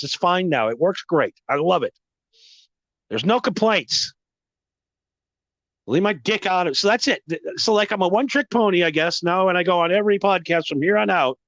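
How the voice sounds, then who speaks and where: Podcast host, man, high-pitched, foul-mouthed emphatic rant, dry muffled lo-fi sound. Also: vocal fry, fairly bright tone, no room sound. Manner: profane, emphatic, repetitive ranting. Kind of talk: profane ranting monologue.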